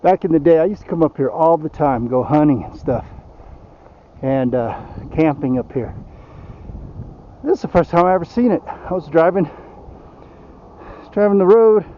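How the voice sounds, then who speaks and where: A man's voice: fairly high pitch, expressive, normal speed, long pauses, highs cut off. Rambling older man vlogging outdoors. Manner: rambling, folksy, trails off. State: out of breath. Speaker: van-life vlogger. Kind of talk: casual vlog talk. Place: outdoors in the mountains.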